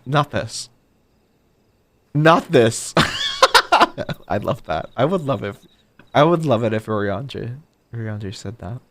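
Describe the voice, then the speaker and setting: A man's voice: on the low side, very animated, measured pace, pauses often, a bit bright, slight background noise. A man streaming a video game, rambling and chatty, often mocking himself. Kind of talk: casual gameplay commentary.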